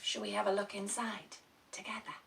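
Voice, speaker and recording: A woman reading a picture book to preschool children, with gasps, hushed whispers and excited cheers, coaxing them with sing-song questions. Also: mid-range voice, fairly quick, gravelly, a little hiss or hum. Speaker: children's storyteller host.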